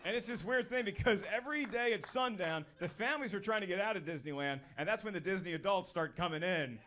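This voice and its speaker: A man's voice: sits high, animated, quick pace, pushed and bright. A man doing a stand-up comedy set on a club stage, talking in a punchy, conversational way and working the crowd. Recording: noisy live club recording.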